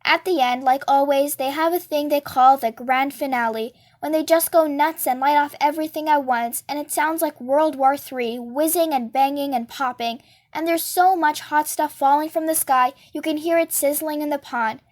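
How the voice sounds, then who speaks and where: A woman reading a novel aloud in a lively first-person narration. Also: sits high, normal speed. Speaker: storybook reader.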